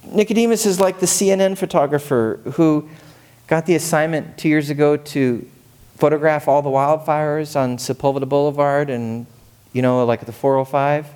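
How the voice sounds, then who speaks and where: A male pastor preaching a sermon, animated and storytelling, asking the congregation questions. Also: a little high, moderate pace, clear, resonant tone.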